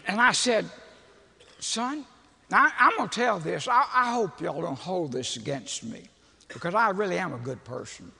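Raspy older preacher, lively. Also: male voice, high-pitched, normal speed. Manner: folksy, animated, chuckling storyteller. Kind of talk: humorous storytelling sermon. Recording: long reverb of a large hall.

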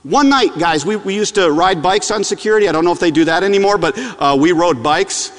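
A middle-aged man preaching a sermon, telling stories with animated delivery and repeating lines for emphasis. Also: high-pitched, fairly quick. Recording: long hall reverb.

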